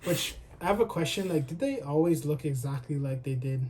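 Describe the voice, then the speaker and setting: A young man co-hosting a podcast, casually recapping anime episodes and acting out the characters' lines in quick voices. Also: a little high, animated, darkish tone, slight background noise. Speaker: podcast co-host.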